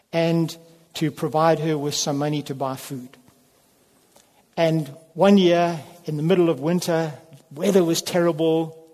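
A man preaching a sermon, telling a story in an unhurried way and then leading a quiet prayer. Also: a little high. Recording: long hall reverb.

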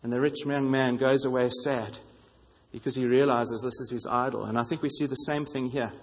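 Earnest male preacher with a husky voice. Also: medium pitch, steady tone, a little fast. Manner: earnest, repeats phrases for emphasis. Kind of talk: sermon. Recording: long reverb of a hall.

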